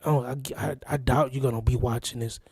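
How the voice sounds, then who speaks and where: A man's voice: mid-range voice, steady tone, a little fast, darkish tone, slightly rough, no room sound, clean studio sound. A man from Florida hosting a reaction video, rambling and repeating himself in casual commentary. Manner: rambling, repetitive, exasperated. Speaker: reaction channel host.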